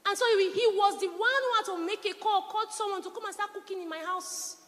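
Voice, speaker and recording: A middle-aged woman pastor preaching a sermon, telling lively stories and acting out her husband's words. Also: very high voice, fast talker. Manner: animated storytelling, quotes her husband. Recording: long reverberant hall.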